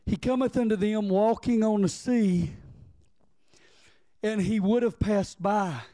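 A man's voice: sits high, steady tone, slow pace, dark tone, no room sound. A man preaching a sermon as pastor, reading scripture and calling on the congregation to respond.

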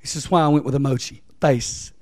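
A man preaching a sermon in a chatty way, swinging from loud scripture reading to soft, low asides. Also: fairly even intonation, a little fast, no room sound, clean studio sound. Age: adult, father of three. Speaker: pastor.

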